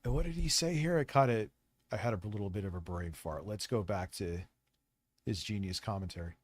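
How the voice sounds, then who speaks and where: A man live-streaming, rambling and reacting loudly in casual, profane commentary. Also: lowish voice, fairly quick.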